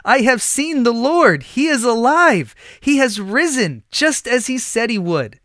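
A man's voice: high voice, expressive, moderate pace, no echo, studio quality, pitched above the performer's own voice. A man voicing a grieving young woman in a Bible storybook reading, pleading and tearful. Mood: overjoyed.

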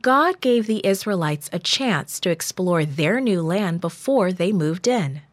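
A woman narrating a children's Bible story in a slow, measured, gentle scripted reading. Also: on the low side, expressive, no echo, clean studio sound.

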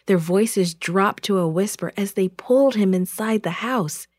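A woman narrating a children's Bible story with an expressive, clear reading. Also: medium pitch, a little slow, dry recording, clean studio sound.

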